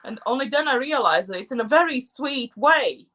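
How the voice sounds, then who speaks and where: A woman's voice: sits high, moderate pace. A Latvian-born woman with Latvian as her first language, co-hosting a casual, playful chat while doing her makeup at home. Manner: animated, playful, laughs at herself. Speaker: co-host.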